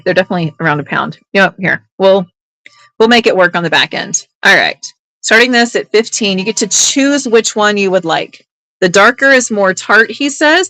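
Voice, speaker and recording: On a live online auction stream, a woman sells with chatty, upbeat patter and playful teasing asides. Her voice is mid-range and fairly bright, and the recording is rough with no room sound.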